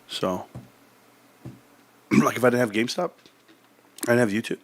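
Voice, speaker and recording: A man's voice: mid-range voice, measured pace. A man talking casually on his stock market livestream, rambling and heartfelt with many restarts, growing emphatic when he tells a story.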